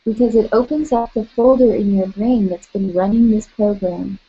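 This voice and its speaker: A woman guides listeners through a tapping session, naming each tapping point and softly coaching them through spoken affirmations. Her voice is mid-range with a breathy edge, moving at a normal speed, and the audio sounds dull.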